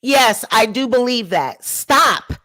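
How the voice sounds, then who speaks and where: A woman giving an indignant ranting commentary to her viewers, repeating her points emphatically and swinging between sharp exclamations and low muttering. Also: lively intonation, slow pace. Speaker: commentary YouTuber.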